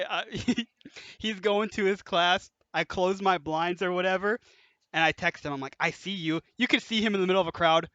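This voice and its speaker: Young man telling stories, bright voice. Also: high-pitched, clear, resonant tone, no room sound, highs cut off. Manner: animated, laughs through stories, swears freely. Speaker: podcast host. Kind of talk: casual storytelling chat.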